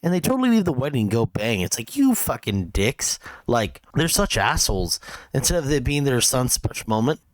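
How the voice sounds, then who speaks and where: A man's voice: medium pitch, sing-song, fairly quick, dry recording. A man co-hosting a podcast, chatting casually in a blunt, profane way. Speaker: podcast co-host. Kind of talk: casual chat.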